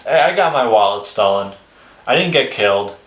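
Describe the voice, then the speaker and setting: A man's voice: fairly low pitch, expressive, normal speed, fairly bright tone. A man casually telling his life story on a vlog, rambling and swearing freely, with chuckles between phrases. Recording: roomy echo.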